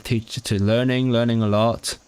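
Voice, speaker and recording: A mid-range, clear and resonant voice with a flat, slightly mellow delivery belongs to a man streaming his language study. Working out what is being signed, he speaks haltingly, often restarting words and quizzing himself in puzzled asides.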